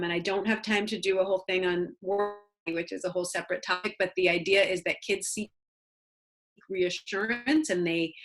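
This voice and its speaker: Earnest woman giving parenting advice. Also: medium pitch. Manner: earnest, warm storytelling with many "um"s and "you know"s. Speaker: child psychologist guest speaker. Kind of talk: conversational talk with practical advice.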